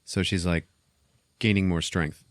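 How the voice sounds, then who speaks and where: A man hosting a podcast, casually retelling a film's plot as an animated, profane storyteller. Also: deep voice, a little slow, noisy background. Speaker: podcast host. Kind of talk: casual movie recap.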